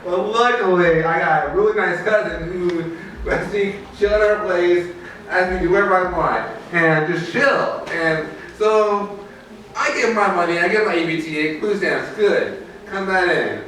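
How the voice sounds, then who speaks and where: A man's voice: sits high, measured pace, a bit bright, a little hiss or hum. A man doing rambling stand-up at an open mic, laughing at his own lines and swearing a lot. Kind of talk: stand-up storytelling. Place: small open mic venue. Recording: echoey room, heard from a distance.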